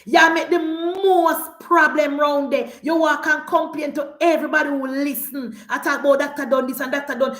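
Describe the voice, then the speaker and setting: A woman with a Jamaican accent, ranting and scolding on a live political stream, often shouting and repeating herself. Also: high voice, steady tone, moderate pace, few pauses, roomy sound. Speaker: political commentator.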